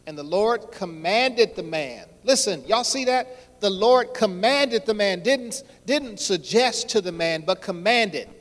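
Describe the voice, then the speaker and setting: A man preaching a sermon, repeating phrases and swelling louder on his key points, with a folksy way of addressing the congregation. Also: high voice, expressive, measured pace, hardly any pauses. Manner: folksy, addresses crowd as y'all. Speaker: pastor. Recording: long hall reverb.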